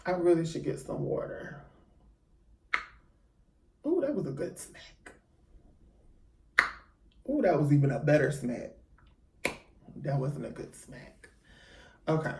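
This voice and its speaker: A man's voice: a little high, lively intonation, takes it slowly, creaky, long pauses, mellow, slight background noise. A man talking to camera in a casual storytime vlog, chatty and theatrical, hyping himself up with lots of ums. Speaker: YouTuber. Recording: echoey room, mic at a distance.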